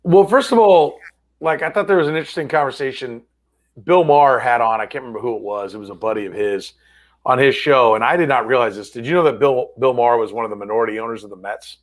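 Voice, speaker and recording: A male sports host in loose podcast chat, mid-pitched and easygoing. He wanders through long stories, restarting and correcting himself along the way. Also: fast talker. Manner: rambling, self-correcting storyteller. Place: studio.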